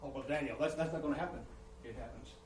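Preacher, echoey, from across the room. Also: male voice, fast, slight background noise. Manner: preaching with swelling rises in volume and pitch, repeats words. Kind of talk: sermon. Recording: roomy church sound from a distant mic.

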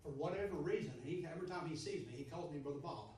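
Male preacher, storytelling sermon that builds to shouting, high voice, heavy room echo. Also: lively intonation, fast, a little hiss or hum. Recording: echoey hall from far off.

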